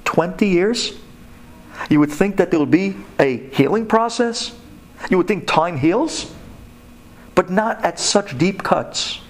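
Animated, high-voiced male preacher. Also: slow pace, pauses often. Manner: animated and emphatic, swinging sharply up and down in pitch. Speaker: speaker giving a religious talk to women. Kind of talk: sermon-style storytelling.

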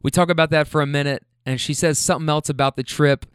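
This man drives for a rideshare service and rattles off funny passenger stories quickly, laughing and swearing throughout. His voice is fairly high and smooth. The clean studio sound has no room echo, and the storytelling is casual and animated.

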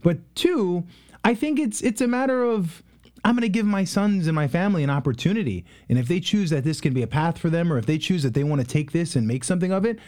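A man in his twenties, a guest in a casual interview, telling stories in an animated way with many fillers. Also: high-pitched, fast. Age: 20s. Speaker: guest, real estate investor.

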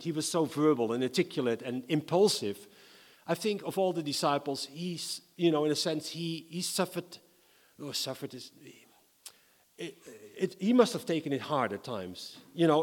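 A male preacher delivers a sermon with humor and dramatic flair. His voice sits a little high for a man. The long reverb of a church hall hangs on his words. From Netherlands. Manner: lively, humorous, dramatic scripture reading.

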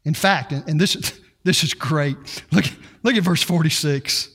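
High, animated preaching man in echoey hall. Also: measured pace, husky. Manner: animated preaching, voices quotes with attitude. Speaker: pastor. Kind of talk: sermon.

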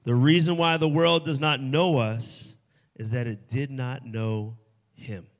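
A man preaching a sermon at a festival, swinging from hushed, soft lines to loud, emphatic ones. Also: mid-range voice, steady tone, a little slow. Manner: dynamic, swings from hushed to shouting. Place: festival stage before a crowd.

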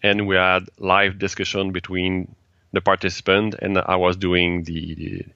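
French-Canadian man, deep slow and dry. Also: flat delivery, bright, forceful tone, clean tone, dry recording, muffled recording. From Quebec, Canada. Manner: halting, searching for English words, light laughs. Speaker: guest, event organizer. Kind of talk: casual interview chat.

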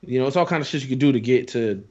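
A man's voice: medium pitch, rapid-fire, a little mellow. Blunt, profane male podcast host. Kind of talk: casual chat. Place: at home. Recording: slightly dull lo-fi sound.

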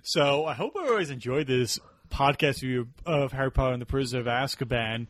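A man's voice: medium pitch, fast talker, a bit bright, no room sound. A man hosting a casual podcast, joking around and laughing as he signs off, sometimes hamming up a mock radio voice. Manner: jokey, laughs often, hams up a mock radio voice. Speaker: podcast host.

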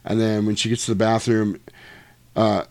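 A man's voice: lowish voice, level tone, normal speed, a little mellow, no room sound. A man in casual chat, retelling a film scene, acting out the dialogue and swearing freely.

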